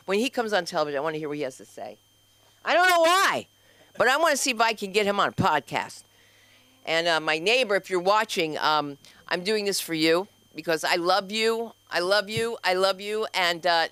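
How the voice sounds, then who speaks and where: New lady doing standup, loud animated storytelling, bright voice, dry sound. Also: fairly low pitch, clean tone, no echo. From New York. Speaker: comedian and host. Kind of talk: stand-up comedy set. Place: small comedy club stage.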